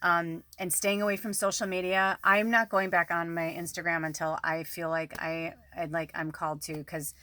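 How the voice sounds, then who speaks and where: Bright-voiced woman, rambling candid monologue. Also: fairly low pitch, flat delivery, moderate pace, few pauses, dry recording. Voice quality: frequent swearing, rambling and emphatic. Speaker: psychic medium and channel host. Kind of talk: candid casual monologue to camera. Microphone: camera close to the face.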